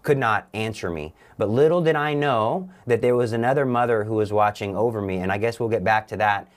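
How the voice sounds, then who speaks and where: A young man earnestly telling a personal story as a talk show guest, halting and repeating himself. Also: on the low side.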